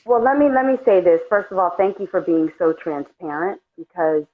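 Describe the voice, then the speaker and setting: A woman's voice: on the low side, lively intonation, moderate pace, slight background noise. A woman host speaking in a direct, encouraging and emphatic way. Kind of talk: supportive interview host. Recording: tinny phone-like line.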